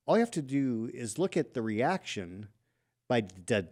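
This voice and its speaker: Animated male podcast co-host. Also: mid-range voice. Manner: animated, talks in quick bursts with restarts. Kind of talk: casual political chat.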